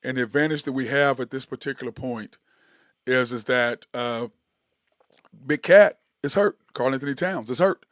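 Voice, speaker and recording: Man, solo sports talk monologue, rambling and sarcastic, mid-pitched voice, dry close sound. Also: normal speed, fairly bright tone, dry recording. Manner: rambling, sarcastic, with many fillers and restarts. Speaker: sports talk show host.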